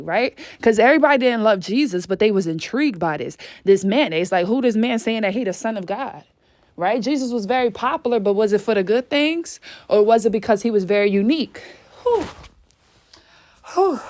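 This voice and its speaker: A woman's voice: medium pitch, darkish tone. A woman giving a fervent spiritual reading, out of breath, swearing casually and exclaiming often. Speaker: spiritual reader.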